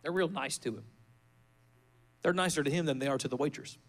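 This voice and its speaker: A male pastor delivering a fervent sermon in a church, building to rousing shouts and leading the congregation in prayer. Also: on the high side, brisk.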